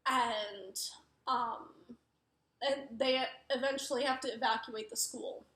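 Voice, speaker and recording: A woman's voice: fairly high pitch, steady tone, slow, a bit bright. A young woman giving a casual book review, rambling with lots of fillers. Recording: roomy echo.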